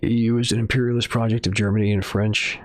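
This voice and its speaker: A man with a low voice drifts through casual stream commentary, hedging, swearing and trailing off into fillers. His voice is close and dry, recorded at a desk mic in a small home room. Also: level tone, fast talker, dry recording. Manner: rambling, profane, hedging with fillers. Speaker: streamer reading news.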